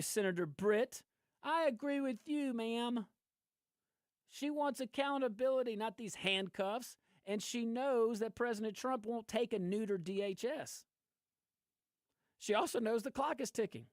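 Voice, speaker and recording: A man's voice: very high-pitched, no room sound, clean studio sound. A man hosting political commentary, ranting with lots of laughs. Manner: animated, ranting, laughs often. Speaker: host.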